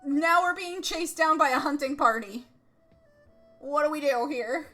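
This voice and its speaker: A woman streamer playing a text adventure game live, reading it out and reacting in an excitable, dramatic way with lots of swearing. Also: high-pitched, measured pace, soft background music.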